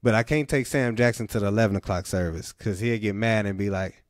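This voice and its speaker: A man hosts a radio podcast and delivers a comedic monologue. He tells his stories in an easygoing way and repeats his punchlines. His voice is smooth and resonant, heard dry and close on a studio microphone. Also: fairly low pitch, fairly quick, hardly any pauses, dry recording. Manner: laid-back storytelling, repeating punchlines.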